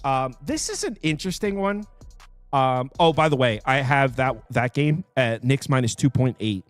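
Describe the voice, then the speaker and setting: A man hosting a sports betting picks show, talking casually and quickly, full of fillers and quick asides. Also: medium pitch, no room sound, soft background music. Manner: animated, quick, with fillers and self-interrupting asides.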